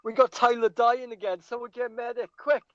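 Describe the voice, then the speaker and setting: A man's voice: very high-pitched, level tone, a little fast, lo-fi sound. A man co-hosting a livestream in casual, joking, profanity-heavy banter. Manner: joking, swearing, laughing often. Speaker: livestream co-host.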